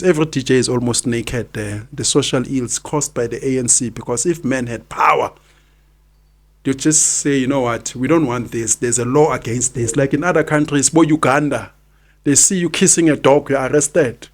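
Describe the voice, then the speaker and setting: A man's voice: medium pitch, moderate pace. A South African man in his fifties hosting a podcast, giving opinionated commentary and hammering home his points by repeating them. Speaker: podcast host.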